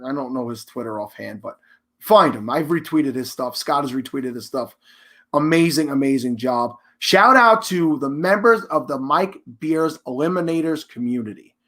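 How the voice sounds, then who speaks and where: A man with a somewhat high voice hosts a live charity stream. He talks in a chatty, emphatic way, restarting his sentences as he gives casual announcements and shout-outs.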